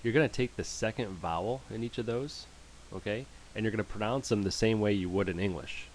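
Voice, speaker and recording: A man's voice: fairly low pitch, fairly quick, a little hiss or hum. A man teaching German pronunciation in a screen-share lesson, patiently repeating each word for practice.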